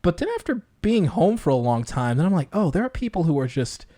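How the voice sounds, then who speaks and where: A man hosts a podcast over a video call in a casual, laid-back chat. He is easily amused and tosses in friendly slang. His voice sits slightly high. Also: sing-song, brisk, dark tone. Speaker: podcast host.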